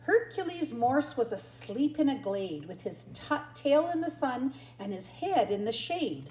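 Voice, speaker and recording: An older grandmother reading a picture book aloud to her grandchildren in a lively sing-song manner. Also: on the high side, a little slow. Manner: sing-song, lively storyteller, barks and yips for the dogs. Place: at home. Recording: roomy echo.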